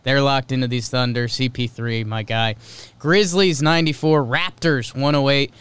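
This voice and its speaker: A man with a smooth, resonant voice hosts a laid-back sports podcast. He reads scores in short, clipped bursts and tosses in casual, offhand remarks. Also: medium pitch, steady tone, normal speed, a bit bright, no room sound. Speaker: podcast host.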